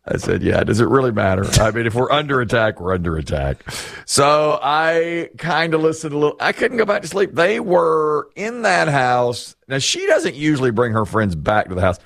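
A man's voice: mid-range voice, very animated, moderate pace, creaky, a bit bright, no room sound, studio quality. A middle-aged man hosting a casual chat, telling rambling, self-deprecating stories and laughing often.

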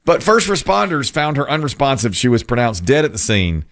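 A man's voice: mid-range voice, big pitch swings, a little fast, fairly bright tone. A man hosting a radio talk show, telling stories with plenty of laughter. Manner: laughing storyteller. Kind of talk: joking radio banter.

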